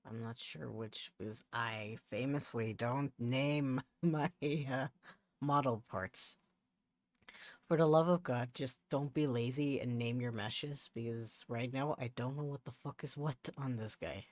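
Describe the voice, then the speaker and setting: A male streamer talks his way through his work in a slow, unhurried way, muttering half to himself and trailing into exasperated restarts. The sound is dry and close, with no room around it. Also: medium pitch, no echo. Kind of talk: casual livestream chat while working. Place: home setup.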